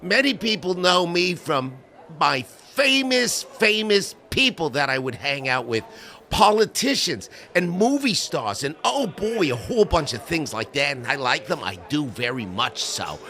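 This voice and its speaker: A man's voice: on the high side, very animated, measured pace, bright, forceful tone, heavily acted. A man putting on a smarmy middle-aged tycoon who rambles through mock-earnest denials in a comic impression. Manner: rambling, mock-earnest denials with bursts of silly character voices.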